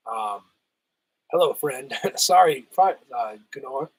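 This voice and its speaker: A man hosts a relaxed live stream and answers his viewers in a chatty, easygoing way. His voice is husky and a little rough, still getting over a cold, at a middle pitch. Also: slow, no room sound, poor audio. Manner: laid-back, chatty, laughs often, says "hell yeah". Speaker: livestream host reading chat. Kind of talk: casual livestream chat.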